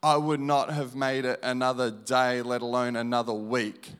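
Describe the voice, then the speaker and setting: A man preaching in a voice of medium pitch. He repeats his lines slowly and with emphasis, dropping to a hush and then rising loud, as he gives his testimony in a sermon. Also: little pitch movement, clear, resonant tone. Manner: slow, emphatic repetition, swinging between hushed and loud.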